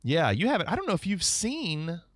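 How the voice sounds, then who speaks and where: A man's voice: high-pitched, huge pitch swings, fairly quick, fairly bright tone, no echo. A man streamer chatting casually and reacting to viewer alerts on a live stream.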